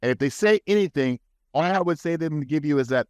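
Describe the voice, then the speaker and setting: A man's voice: fairly high pitch, expressive, quick pace, darkish tone, clear, resonant tone, no room sound. A man guest on a podcast, talking in an earnest, advising way with frequent restarts, recorded in a studio. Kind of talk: casual podcast talk.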